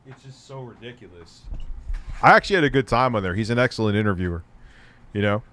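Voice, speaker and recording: A middle-aged man hosting a livestream in casual chat, loose and profane, laughing often and jumping into excited bursts. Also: fairly low pitch, fast talker. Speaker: livestream host.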